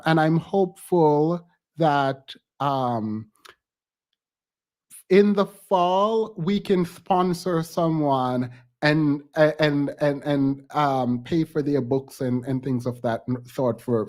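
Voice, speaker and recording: A man hosting a live stream, touched and thankful, halting and close to tears as he signs off with casual talk. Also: on the high side.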